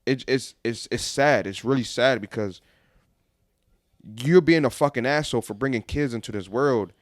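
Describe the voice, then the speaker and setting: A man's voice: medium pitch, moderate pace, no echo, clean studio sound. A young man co-hosting a podcast in casual chat, rambling and repeating himself. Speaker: podcast co-host.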